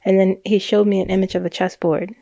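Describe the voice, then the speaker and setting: A woman talking through a psychic reading in a loose, chatty monologue, often laughing and restarting her sentences. Her voice sits at a middling pitch. The sound is dry and close, with no room echo. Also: flat delivery, a little fast, warm tone. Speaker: psychic reader. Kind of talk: casual monologue recounting a reading.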